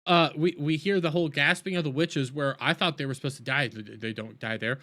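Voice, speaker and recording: A man recapping a TV episode in an animated, exasperated rant, often stumbling and restarting his sentences. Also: fairly high pitch, fairly quick. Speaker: TV show reviewer.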